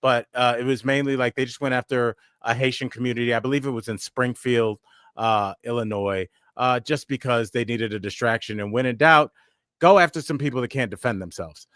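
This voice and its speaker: A man's voice: medium pitch, fairly quick, a bit bright, no room sound, clean studio sound. A man co-hosting a news and comedy podcast, talking casually with frequent fillers and restarts. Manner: conversational, many fillers and restarts. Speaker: podcast co-host.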